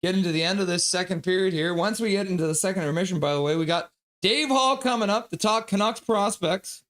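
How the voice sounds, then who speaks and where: A man's voice: high voice, quick pace, a bit bright. A man hosting a live stream, calling hockey play-by-play in a casual, chatty way and joking with chat between calls.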